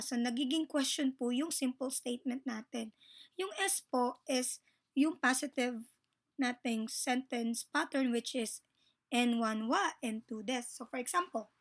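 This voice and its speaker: A woman with a Filipino accent teaching a Japanese grammar lesson in a polite, casual way, switching between Tagalog and English and slowing down for the example sentences. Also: sits high.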